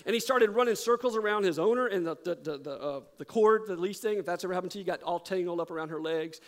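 A middle-aged male pastor preaches a sermon, telling a story in an animated way that falls into hushed intensity. His voice is high-pitched and fast.

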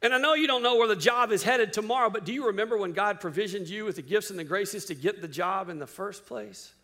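A pastor with a high-sitting voice preaches a sermon, peppering his listeners with rhetorical questions. He swings between loud, emphatic passages and quiet, hushed lines.

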